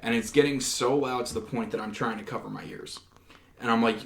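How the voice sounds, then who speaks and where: A man's voice: mid-range voice, steady tone, a little fast. A man, a paranormal investigator guest, earnestly telling a story in a casual podcast chat, with frequent restarts. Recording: roomy echo.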